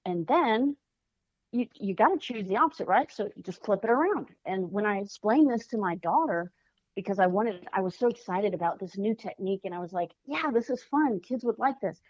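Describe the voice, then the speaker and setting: A woman's voice: mid-range voice, expressive, brisk, dry recording. Woman, podcast guest, earnest, searching for words, muffled lo-fi sound. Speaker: children's author guest. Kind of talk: podcast interview.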